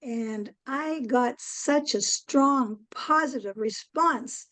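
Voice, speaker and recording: An older woman, a guest in an interview, telling a long story in a rambling way, with many pauses and "um"s. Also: sits high, a bit bright, no room sound, rough recording. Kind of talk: casual interview chat.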